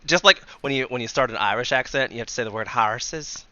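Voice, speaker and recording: A man's voice: medium pitch, racing, bright, forceful tone, no echo, highs cut off. A man running a tabletop game as game master, laughing often and joking at himself. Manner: laughs often, restarts, self-mocking.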